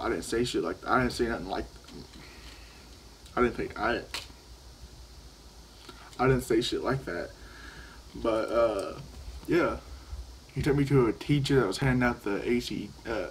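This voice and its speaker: Casting: teen boy, medium pitch, loose profane storytelling, keeps restarting sentences. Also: unhurried, long pauses, slight background noise, poor audio. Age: teens. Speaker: vlogger. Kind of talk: casual storytelling while vaping.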